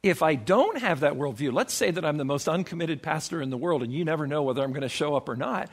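A man's voice: expressive, fast, slightly rough. Emphatic preaching pastor, a man. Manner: emphatic preaching with acted-out quotes and sudden shifts in pitch. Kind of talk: sermon.

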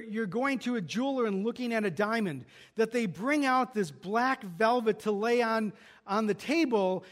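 A pastor preaching an earnest expository sermon, often restarting and repeating words as he works through a passage. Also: very high-pitched.

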